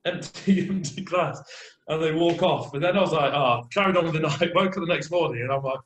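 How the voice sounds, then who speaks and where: A man with an English Midlands accent, a podcast guest telling stories in a casual, animated way with frequent laughter. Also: a little high, brisk, a little hiss or hum. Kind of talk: casual storytelling. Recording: roomy echo.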